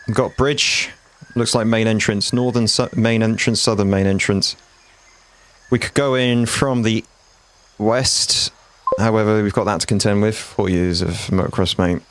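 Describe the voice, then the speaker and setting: A man's voice: on the low side, steady tone, measured pace, slight background noise. A man, chatting bluntly and swearing freely with viewers while he streams a game. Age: 40s. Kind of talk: casual live-stream chat.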